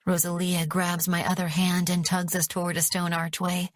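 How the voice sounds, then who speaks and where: A woman narrating an audiobook in the first person, measured and dramatic. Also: fairly low pitch, flat delivery, dry recording, studio quality.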